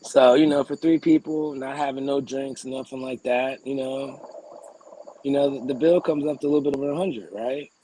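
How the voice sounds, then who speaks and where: A young man co-hosting a podcast, telling a story in an animated, profane rant and often clearing his throat. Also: medium pitch, moderate pace, slight background noise, poor audio. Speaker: podcast co-host.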